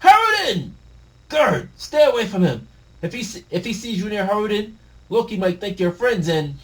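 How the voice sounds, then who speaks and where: A frantic young giant girl whose voice shoots up high, as a man puts her on in falsetto while reading a manga. She pleads in a panic, and her lines come out loud and strained. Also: very animated, slow pace, recorded from a distance, heavily acted, rough recording. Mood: panicked.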